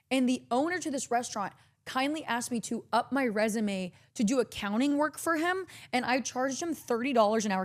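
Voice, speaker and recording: A young woman from Texas telling a long story in casual chat, acting out every quote and swearing freely. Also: on the high side. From Corpus Christi, Texas. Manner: animated, acts out quotes, swears a lot.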